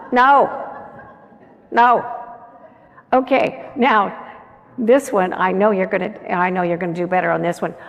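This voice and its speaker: Gravelly-voiced woman speaking in an echoey hall. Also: medium pitch, lo-fi sound. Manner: earnest, coaxing, asks the audience questions. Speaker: conference keynote speaker. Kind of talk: motivational conference talk. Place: large conference hall.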